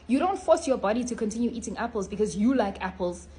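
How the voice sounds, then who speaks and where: Speaking quickly and expressively into her phone, a health vlogger scolds bluntly and keeps tagging her points with "okay?" Her medium-pitched voice is dark, with a little hiss or hum in the recording.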